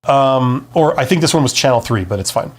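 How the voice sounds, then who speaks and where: A man with a mid-pitched voice hosts a live stream on job hunting. He speaks conversationally and with emphasis, slowing down to stress key points and then speeding through asides as he reads out and answers viewer comments. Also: lively intonation. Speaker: career advice host, former CEO. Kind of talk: live-stream Q&A, casual advice chat.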